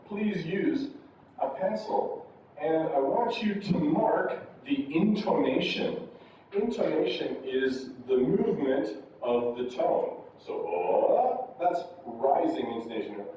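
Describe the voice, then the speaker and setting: A man teaching a classroom lesson at a slow, patient pace, his voice leaping high and dropping low as he demonstrates intonation. He sounds set back from the mic in a large, echoing room. The recording is dull and a little muffled. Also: warm tone, a little hiss or hum. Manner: patient, step-by-step instructions. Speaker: university English teacher. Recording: roomy, distant, dull classroom audio.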